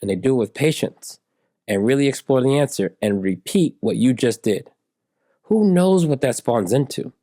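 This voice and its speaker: A man in his forties, an interview guest, telling stories in a relaxed way and acting out the people in them. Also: medium pitch, moderate pace, no room sound, clean studio sound. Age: 40s. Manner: animated storyteller who acts out dialogue in raised voices. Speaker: interview guest, software engineer.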